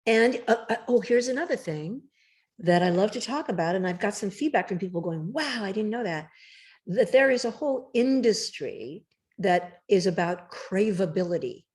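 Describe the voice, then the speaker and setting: A woman author talking emphatically and directly in a casual interview, with a slightly rough morning voice. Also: medium pitch, lively intonation, normal speed, darkish tone. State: morning voice, clearing throat. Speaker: cookbook author guest.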